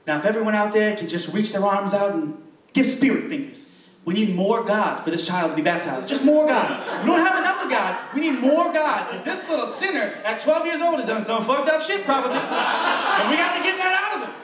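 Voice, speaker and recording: A man's voice: sits high, lively intonation, a little fast, a bit bright, a little hiss or hum. A man voicing a pompous middle-aged male pastor who speaks in a solemn, fumbling preacher cadence on a comedy stage. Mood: fervent. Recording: roomy stage sound from a distant mic.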